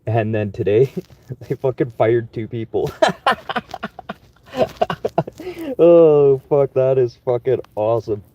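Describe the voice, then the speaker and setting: A man's voice: mid-range voice, measured pace. A young man from Manitoba, Canada, rambling in a laid-back, profane, chatty way about his construction job. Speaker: construction worker vlogging. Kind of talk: casual rambling monologue. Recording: dull lo-fi sound.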